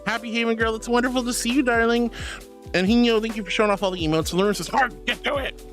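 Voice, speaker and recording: A woman's voice: fast, soft background music. A woman streamer reading out chat messages in a bubbly, affectionate way, calling her viewers sweetheart and darling. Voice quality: squeaky laugh.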